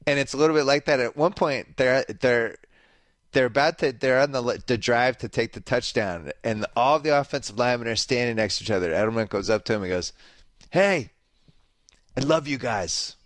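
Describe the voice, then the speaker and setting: A man's voice: medium pitch, brisk, fairly bright tone, no room sound. A man hosting a casual podcast, joking and prompting his guest with questions. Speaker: podcast host.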